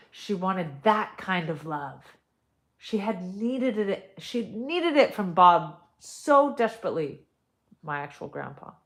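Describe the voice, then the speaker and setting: A woman reading a family story aloud in a casual storytime, breaking off into chatty asides. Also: lowish voice.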